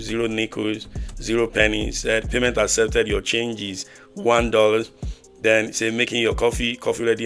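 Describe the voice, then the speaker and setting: A man walking through a programming project on screen, talking haltingly with many fillers, repeats and restarts. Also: lowish voice, vocal fry, a bit bright. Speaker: programming tutor. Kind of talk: screen-recorded coding walkthrough.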